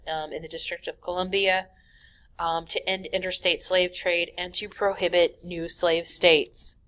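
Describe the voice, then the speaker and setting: A woman with a slightly low voice talks through a history lesson over slides. Her delivery is loose and conversational, full of "um"s and quick self-corrections, and she sounds a little sleepy. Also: a bit bright. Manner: casual, many "um"s, corrects her own slips. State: yawning, sleepy. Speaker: history teacher. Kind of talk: recorded slideshow lecture.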